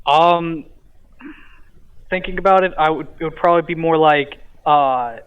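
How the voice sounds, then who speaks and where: A man's voice: on the high side, a little slow, clear, resonant tone. A man, a podcast guest, casually retelling a dream, hesitant with many fillers and a stutter he mentions himself. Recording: tinny phone-like line.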